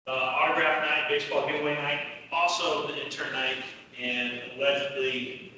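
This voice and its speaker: A man's voice: fairly high pitch, little pitch movement, normal speed, muffled recording. A man hosting a casual team meeting, upbeat and chatty as he runs through announcements and jokes with the room. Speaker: meeting host. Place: large echoey hall with a crowd. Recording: echoey hall from far off, loud crowd.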